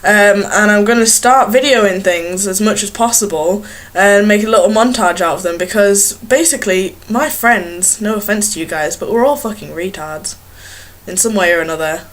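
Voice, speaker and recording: A woman's voice: mid-range voice, moderate pace. A young woman chatting casually to a webcam in a small bedroom, rambling and giggling at herself. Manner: rambling, giggly, self-mocking. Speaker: vlogger. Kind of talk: casual chat to camera.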